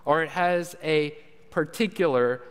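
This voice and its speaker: A man's voice: on the high side, a little slow, clean tone. A man preaching, telling a folksy, self-deprecating story with many fillers and "all right?" asides. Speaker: pastor. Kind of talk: sermon storytelling. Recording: long hall reverb.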